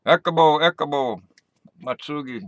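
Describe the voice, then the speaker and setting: A man's voice: on the high side, normal speed, heavy background noise. A man rambling casually into his camera for a vlog, goofy and joking, laughing at himself. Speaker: vlogger.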